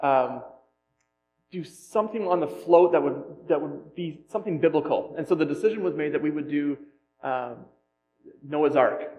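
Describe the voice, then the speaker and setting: A fairly high-voiced man preaches from the pulpit, telling a personal story with self-deprecating humor and lively retelling. The sound is a little dull, with a faint hum underneath. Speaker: pastor.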